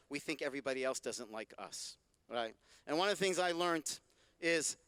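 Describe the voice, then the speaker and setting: A man's voice: a little high, smooth, no echo. A man, a rabbi, giving a talk and answering audience questions in a conversational, joking way. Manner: warm, joking, conversational teaching. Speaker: rabbi and speaker. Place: convention hall stage.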